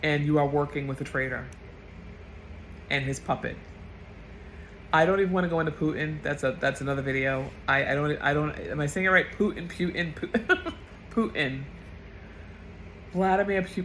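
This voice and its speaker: A woman's voice: sits low, fairly bright tone, slight background noise, poor audio. A woman getting over a cold delivers an impassioned political rant as a vlogger, blunt, profane and emotional.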